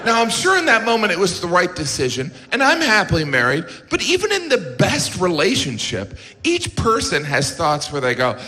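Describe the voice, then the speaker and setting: Middle-aged deadpan stand-up comedian. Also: male voice, sits high, moderate pace. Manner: deadpan delivery, jumps to shrieking exaggerations. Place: large live comedy venue with audience laughter. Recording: echoey hall, noisy audience room.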